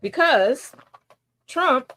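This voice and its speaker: A woman with a fairly high voice gives casual political commentary on her own daily stream. She talks with sass and sarcasm, laughs a lot, and mocks the people she quotes. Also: lively intonation, extremely slow, fairly bright tone.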